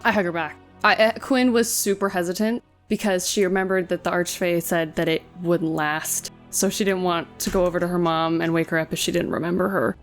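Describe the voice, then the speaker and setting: Female player, lower voice, explains her character's feelings, music bed. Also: fairly even intonation, brisk, hardly any pauses. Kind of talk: tabletop role-play.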